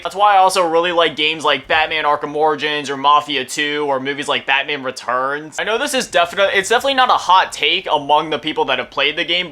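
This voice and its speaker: A man's voice: on the high side, bright, forceful tone. A young man giving casual, rambling gameplay commentary as a gaming video host, full of fillers. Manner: rambling, filler-heavy, chatty. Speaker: gaming YouTuber.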